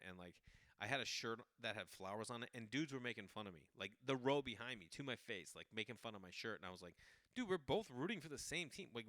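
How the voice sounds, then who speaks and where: Bright, crisp-voiced man telling stories. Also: lowish voice, dry recording, studio quality. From Boston area. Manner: animated, jumps into quoted voices, loose and chatty. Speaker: podcast host. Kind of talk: casual comic storytelling.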